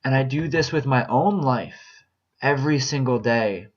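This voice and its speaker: A man of middle pitch talks slowly and earnestly, pausing often and repeating words as he gathers his thoughts. His voice comes through a dull, muffled lo-fi recording. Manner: earnest, halting, repeats phrases as he searches for words. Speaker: vlogger sharing a personal update. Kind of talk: reflective personal monologue.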